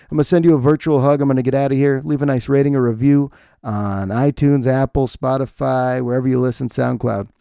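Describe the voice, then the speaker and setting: A man in his forties rambles through a solo podcast in a chatty, self-deprecating way. His voice is gravelly and mellow. The sound is dry and close, with no room around it. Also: mid-range voice, steady tone, brisk, no room sound. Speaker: podcast host. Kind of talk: casual solo podcast monologue.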